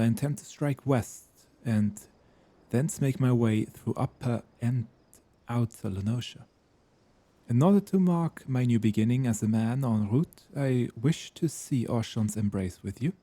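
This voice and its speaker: A man reads game dialogue, playing a gentle male god in mortal form who speaks with a French accent in a formal, archaic, courteous style. His voice is mid-range, with no room sound.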